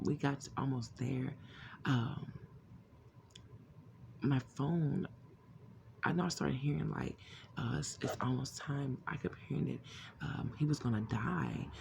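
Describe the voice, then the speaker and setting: A woman's voice: rumbling low, vocal fry, mellow, a little hiss or hum. A woman telling an emotional personal testimony in a rambling way, restarting often and acting out what others said. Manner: rambling, restarts often, acts out quoted voices. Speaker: vlogger sharing a testimony.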